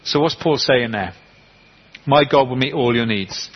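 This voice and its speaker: A man preaching a sermon, emphatic and slowing down to stress key words. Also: mid-range voice, slightly rough, muffled recording. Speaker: pastor.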